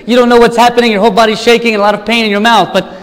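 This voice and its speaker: A priest preaching an earnest sermon in a church, with rhetorical questions and repeated lists. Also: male voice, extremely high pitch, level tone, racing, a bit bright, in a large hall, low-quality recording.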